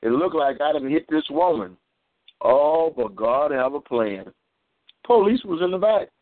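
A man's voice: a little high, expressive, a little slow. Preaching man on a tinny phone line. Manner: storytelling, repeats and restarts words. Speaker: preacher on a community call. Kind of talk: preaching testimony.

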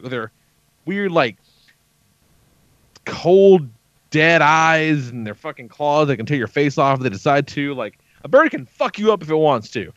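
Profane, animated man telling a story. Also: fairly high pitch, measured pace, no room sound. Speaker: podcast host. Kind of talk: casual chat, storytelling. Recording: dull lo-fi podcast audio.

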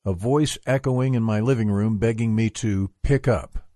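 A man reading a memoir aloud for a book club, at a measured, even pace. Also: on the low side, no echo, studio quality.

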